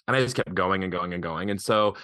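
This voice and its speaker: Here an author from Eastern Montana guests on a podcast, talking animatedly and informally in rapid spurts punctuated by frequent laughter. The studio-quality audio has no echo, and his low voice carries a sharp edge.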